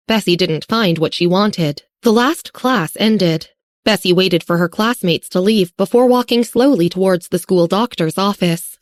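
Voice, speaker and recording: A woman narrating an audiobook in a slow, even reading manner. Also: lowish voice, no echo, studio quality. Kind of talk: scripted narration.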